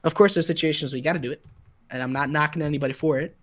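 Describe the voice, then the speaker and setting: A young man casting a mobile esports match live, chatty and relaxed, greeting viewers in the chat. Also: on the high side, racing. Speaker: esports caster.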